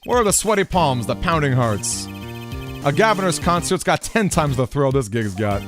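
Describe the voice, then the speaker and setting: A man's voice: on the high side, big pitch swings, moderate pace. A man doing a cocky rock-star prosecutor. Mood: swaggering. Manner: swaggering, laid-back. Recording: game music under the voice.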